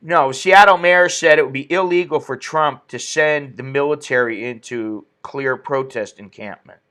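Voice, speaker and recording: A man's voice: mid-range voice, normal speed, sharp tone. A man hosting an opinionated commentary stream, ranting indignantly and reading viewer comments aloud. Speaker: political commentary host.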